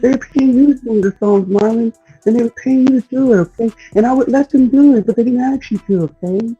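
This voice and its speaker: A man doing an impression of a famous male pop singer, high and breathy, whining and pleading with his brother. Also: fairly quick, warm tone, dull audio, faint music behind. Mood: whiny pleading. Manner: whiny, pleading, repeating "okay?".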